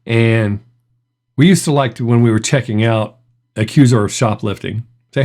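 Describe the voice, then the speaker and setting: A man's voice: mid-range voice, normal speed, a little mellow. A middle-aged man hosting a reaction video, telling stories in a chatty way and laughing often. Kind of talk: casual reaction commentary.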